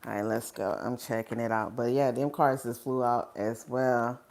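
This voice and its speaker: A woman's voice: very deep voice, steady tone, moderate pace, vocal fry, a little mellow. A woman giving a live tarot reading in a casual, rambling way, often checking in with "okay?". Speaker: tarot reader.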